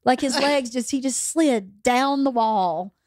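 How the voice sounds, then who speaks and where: A woman's voice: high voice, a little slow, a little mellow, no echo. A woman podcast host tells a story from her own life in a candid, chatty manner. Her voice sits a little above the usual for a woman. The sound is close and dry, with no room around it. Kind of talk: casual anecdote telling.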